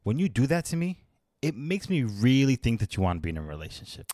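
A man's voice: medium pitch, big pitch swings, quick pace, mellow, no echo, studio quality. An American man in casual podcast chat, swearing freely and laughing while he rants. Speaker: podcast co-host.

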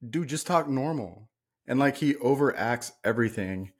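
A man's voice: medium pitch, animated, normal speed, breathy edge. A man co-hosting a casual movie podcast, talking bluntly and ranting with plenty of swearing. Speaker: podcast co-host. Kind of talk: casual chat.

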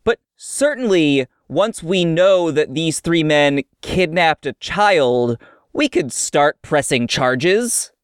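A co-host in a casual film chat, speaking in a dry, incredulous, deadpan way. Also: medium pitch, takes it slowly, smooth, no echo. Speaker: podcast co-host.

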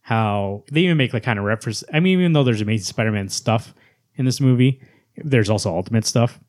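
A man co-hosting a comics podcast, talking fast and animatedly in casual chat, swearing freely. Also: lowish voice, a little mellow. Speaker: podcast co-host.

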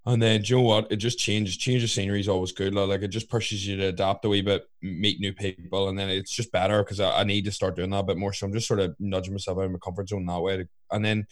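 A man's voice: low-pitched, flat delivery, fast talker, few pauses, no echo, studio quality. A young man co-hosting a podcast, chatting casually in a rambling way, swearing and saying "like" a lot. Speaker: podcast co-host. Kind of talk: casual chat.

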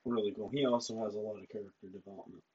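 A man's voice: on the low side, steady tone, rapid-fire, darkish tone, husky, highs cut off. A teenage boy co-hosting a casual podcast, making dry, mumbled jokes. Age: teens. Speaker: podcast co-host.

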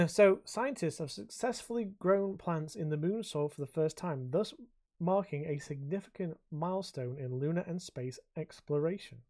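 Here a man with a fairly high, slightly mellow voice talks at normal speed while co-hosting a podcast. The chat is casual, and he rambles, swears freely, and laughs a lot.

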